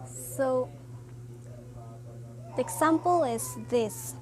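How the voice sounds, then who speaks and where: Woman teacher, high voice, slow and halting grammar explanation, faint hum behind. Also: a little mellow, low-quality recording. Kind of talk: classroom grammar lesson.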